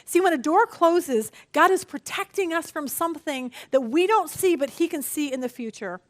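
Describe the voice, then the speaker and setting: A woman's voice: moderate pace, few pauses, no echo. A middle-aged woman teaching a women's Bible study, telling stories animatedly with a self-mocking humor and acting out what people said. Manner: animated storytelling, acts out quotes with big pitch jumps; self-deprecating humor, frequent "okay?".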